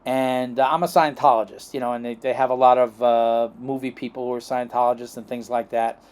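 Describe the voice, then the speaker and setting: A man's voice: medium pitch, flat delivery, fairly quick, a little mellow. A middle-aged man from the United States telling long, rambling stories as a podcast guest, acting out quoted dialogue and checking in with "okay?" and "right?". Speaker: chiropractic guest. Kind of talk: rambling anecdotal storytelling.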